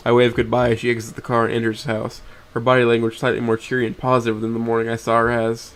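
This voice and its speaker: A man's voice: mid-range voice, little pitch movement, quick pace, few pauses. A young man streaming, reading a story aloud in first person with blunt, profane asides. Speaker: streamer reading a visual novel.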